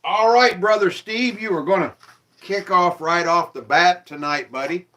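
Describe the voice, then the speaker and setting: A man's voice: sits high, normal speed, bright, forceful tone. A man hosting a live-stream show, chatting casually and in a friendly way with his viewers and asking them questions.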